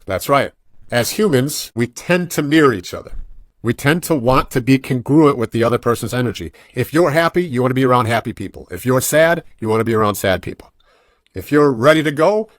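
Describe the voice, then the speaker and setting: On a clean studio recording with no room sound, a man in a mid-range voice talks as a podcast guest. He's a jiu-jitsu coach who tells stories in a casual, animated way, performing the quoted voices.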